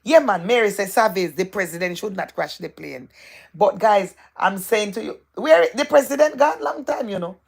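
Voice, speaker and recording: Excitable woman host with a gravelly voice. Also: mid-range voice, moderate pace. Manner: excitable, repetitive, gossipy, laughs often. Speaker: livestream host. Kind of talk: live chat reading out viewer comments.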